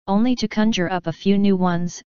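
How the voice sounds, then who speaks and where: A woman's voice: mid-range voice, steady tone, a little fast, a little mellow, smooth, no echo, muffled recording, lightly acted. A woman voicing a wary, skeptical young woman in a storybook reading, guarded in manner.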